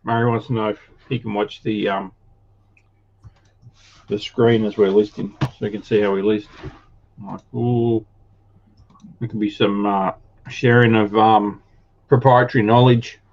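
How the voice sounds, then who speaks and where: A man co-hosting a reselling livestream, making relaxed, offhand remarks in casual chat. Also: on the low side, normal speed, lo-fi sound. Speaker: livestream co-host.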